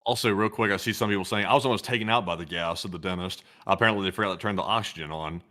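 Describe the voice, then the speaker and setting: A man's voice: deep voice, rapid-fire, bright, forceful tone. A man co-hosting a livestream, telling rambling anecdotes full of fillers and reading viewer messages. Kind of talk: casual chat.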